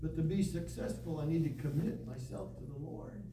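A man's voice: fairly high pitch, normal speed, background noise. A man preaching a sermon, reading scripture aloud and building to emphatic, repeated calls to his listeners. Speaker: pastor. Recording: echoey room from a distance.

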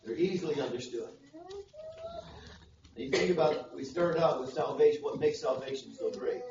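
A man's voice: on the high side, normal speed. A man preaching a sermon at a church service, driving home numbered points with rising emphasis. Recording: roomy, distant, dull with faint noise.

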